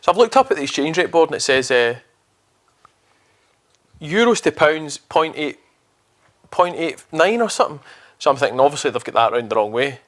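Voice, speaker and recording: A man's voice: fairly high pitch, very animated, normal speed, long pauses, fairly bright tone. A young Scottish man with a Scottish accent, co-hosting a podcast and rambling through a travel story with casual swearing. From Scotland. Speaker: podcast co-host.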